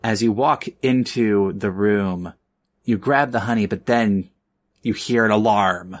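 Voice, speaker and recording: A man running a tabletop game as game master, narrating in a slow, unhurried way. He talks haltingly, with frequent pauses and fillers. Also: fairly low pitch.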